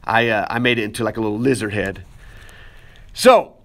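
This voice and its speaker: A man's voice: on the low side, fairly even intonation, rapid-fire, fairly bright tone. A man teaching pottery, casually talking the viewer through each step of shaping clay, with playful asides to his students. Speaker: art teacher.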